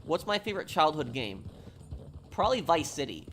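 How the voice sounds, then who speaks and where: A man's voice: on the high side, very animated, moderate pace, fairly bright tone, a little hiss or hum. A man from New York chatting casually on a live stream, answering viewer questions while he plays, rambling and a bit apologetic. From New York, USA. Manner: rambling, apologetic, talks over gameplay.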